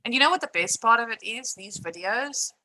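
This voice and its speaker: A young woman talks to her live chat in a bright, sharp voice. She rants with frustration and emphasis, swears freely and circles back to the same points. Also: fairly high pitch, animated, a little fast, poor audio. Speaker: live streamer. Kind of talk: live-stream rant.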